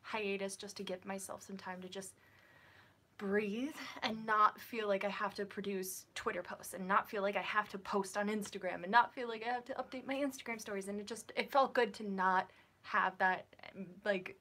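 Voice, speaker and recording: A woman's voice: medium pitch, steady tone, moderate pace, fairly bright tone. A woman hosting a casual live writing stream, chatting and reading out viewer comments. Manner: chatty, many ums and restarts, reads out viewer comments.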